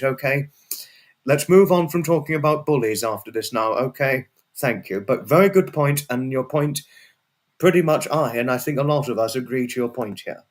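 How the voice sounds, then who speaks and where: Man, livestream host, rambling and repetitive, chatty with viewers, medium pitch. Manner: rambling and repetitive, often restarts and repeats phrases; chatty and friendly, bursts into sweary outbursts. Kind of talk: casual livestream chat, answering viewers' messages.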